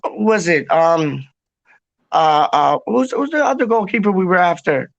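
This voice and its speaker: A man hosting a casual fan chat, excitable and sweary, often repeating himself as he recovers from a long illness. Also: high-pitched, unhurried, vocal fry, dry recording.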